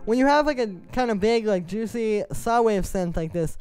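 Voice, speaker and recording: A man, a music producer, explaining melody writing in a relaxed, conversational tutorial, stepping through his points one by one. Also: sits high, normal speed. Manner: conversational, explains step by step while playing examples. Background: synth music playing.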